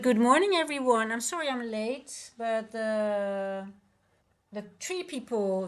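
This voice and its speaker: A woman hosting a casual trading livestream from home, talking in a chatty, halting way with many restarts. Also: mid-range voice. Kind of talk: casual live-stream chat.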